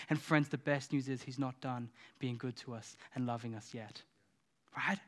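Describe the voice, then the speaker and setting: A man who is a pastor, preaching a sermon with passion and moving between hushed, tender lines and rousing, louder ones. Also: medium pitch, fairly even intonation, normal speed. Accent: Australian.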